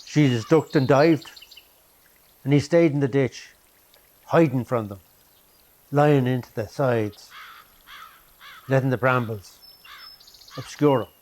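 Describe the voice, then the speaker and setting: A man narrating a documentary story in measured, short phrases. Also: medium pitch, darkish tone, a little hiss or hum.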